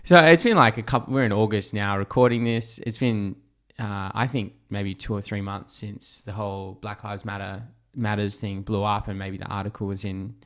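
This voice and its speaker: Guy hosting a podcast, really deep voice, laid back, lots of ums. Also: normal speed, hardly any pauses. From England. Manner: relaxed, hesitant, many fillers. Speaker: podcast host. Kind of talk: casual podcast interview.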